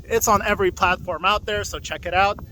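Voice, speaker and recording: A man's voice: sits high, brisk, pushed and bright, slight background noise. A young man vlogging alone outdoors in a forest, rambling casually with lots of fillers and a little out of breath. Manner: loose and chatty, full of fillers and restarts. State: slightly out of breath from walking. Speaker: hot wheels vlogger. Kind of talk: rambling casual vlog talk.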